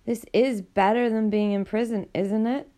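A woman reading an audiobook, voicing a frightened, hungry young girl on the run, pitched up and pleading, with a gravelly voice. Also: steady tone, normal speed, warm tone, close to an everyday voice.

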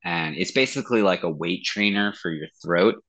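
Low-ish voiced band singer guy chatting, swears a lot, animated and loose. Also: moderate pace, creaky, highs cut off. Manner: animated storytelling, swears freely. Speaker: band vocalist. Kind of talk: casual interview chat.

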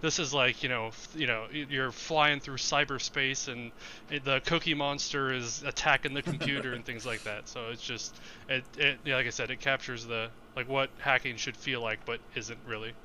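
A man's voice: mid-range voice, fairly even intonation, moderate pace, pushed and bright, a little hiss or hum. A man on a podcast introducing a film in casual chat, hesitant with many fillers. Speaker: podcast co-host.

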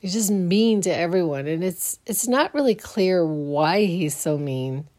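On her solo podcast, a drowsy early-morning host talks casually, wandering and frequently starting over. Her fairly low voice is a little mellow and a little slow, with lively intonation.

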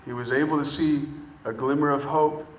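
A man preaching a sermon, telling a story and acting out the people in it, building to excited shouting. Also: a little high, normal speed, echoey room, distant mic, slight background noise, rough recording. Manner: builds from calm to shouting excitement, acts out dialogue. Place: church hall with congregation.

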